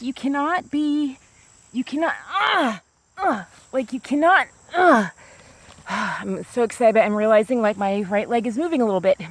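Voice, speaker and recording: A woman's voice: fairly high pitch, no room sound. A woman talking to a small camera outdoors on a grassy hill, in a rambling casual monologue full of "like" and restarts. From United States. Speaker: vlogger.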